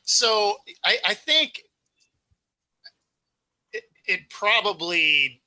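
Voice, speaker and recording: Bright-voiced man chatting baseball. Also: high-pitched, very animated, drawn-out words, poor audio. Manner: laid-back, laughs easily, talks in run-on explanations. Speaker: sports show co-host. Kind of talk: casual sports chat.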